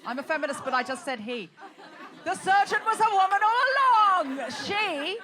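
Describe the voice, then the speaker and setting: Lively woman hosting a live comedy show. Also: extremely high pitch, moderate pace, crowd noise. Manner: animated, rallying the audience. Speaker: podcast host. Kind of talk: live comedy podcast stand-up. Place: comedy venue stage before a live audience. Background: audience laughter.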